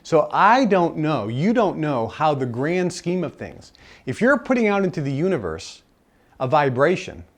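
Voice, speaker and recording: A man's voice: on the high side, sing-song, normal speed. A man speaking at a live self-help seminar, earnest and repeating his key phrases for emphasis. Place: seminar room with a live audience.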